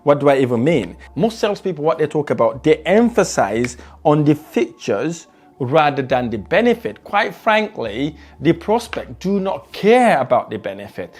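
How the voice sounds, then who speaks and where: Man giving a lively sales lesson. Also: a little high, a little slow, soft background music. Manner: varies pace and loudness for emphasis, repeats words. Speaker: sales trainer and property investor.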